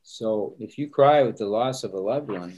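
A man's voice: fairly low pitch, moderate pace, a little mellow, highs cut off. A middle-aged man, a pastor, speaking earnestly and reflectively in a conversation, often repeating words as he starts sentences. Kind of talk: conversational interview answers.

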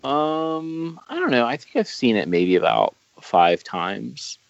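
A man's voice: mid-range voice, big pitch swings, slow, vocal fry, dry recording. A man chatting casually on a podcast about films, rambling and enthusiastic, often restarting his sentences. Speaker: podcast co-host. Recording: dull lo-fi sound.

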